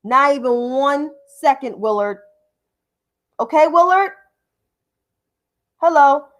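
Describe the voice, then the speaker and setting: A woman with a high voice hosts a political commentary livestream. She talks in a combative, profane rant and keeps repeating names to drive her point home. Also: lively intonation, takes it slowly.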